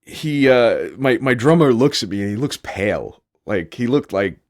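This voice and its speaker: A man's voice: medium pitch, lively intonation, moderate pace. Guy telling a wild story on a podcast, rambly, lots of "like", voice jumps all over. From New York. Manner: rambling, heavy use of "like". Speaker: podcast host. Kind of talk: casual storytelling.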